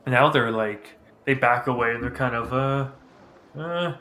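A man's voice: medium pitch, slow, bright, forceful tone. A man narrating casually as game master of a tabletop role-playing game. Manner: casual, improvised narration with restarts.

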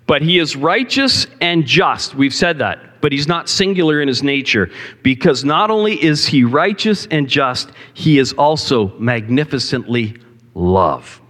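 A male pastor from Canada preaches at a measured pace, his fairly high voice animated and fairly bright. He keeps it conversational and questions the congregation, and the church sanctuary adds long hall reverb.

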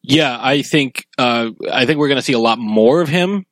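A man co-hosting a casual podcast chat about a film, relaxed and agreeable, with lots of fillers. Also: mid-range voice, normal speed, no room sound, poor audio. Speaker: podcast co-host.

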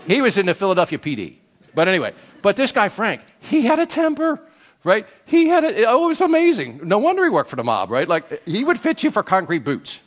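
An older man preaching a sermon in an animated storytelling way, often checking in with "right?". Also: sits high, a little fast. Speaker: pastor.

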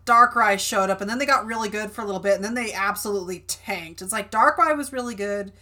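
A woman's voice: medium pitch, fast talker, bright, forceful tone. A young woman co-hosting a podcast in casual chat, full of "like" and "um". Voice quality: chatty, lots of "like" and "um". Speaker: podcast co-host.

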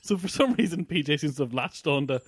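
Man, podcast co-host, casual chat, hesitant, apologetic, expressive pitch. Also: quick pace, breathy edge. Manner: sheepish, apologetic, hesitant with restarts.

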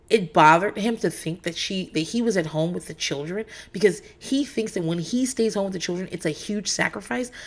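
A woman in her thirties or forties recapping reality TV in a candid, profane, rambling way, with frequent fillers. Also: mid-range voice. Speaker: podcast host.

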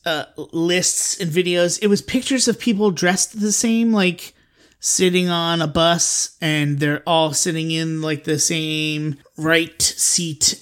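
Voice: mid-range voice, fairly bright tone, clear, resonant tone. Playful rambling podcast host. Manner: playful, jokey, rambling with self-corrections. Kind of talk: casual comedic podcast chat.

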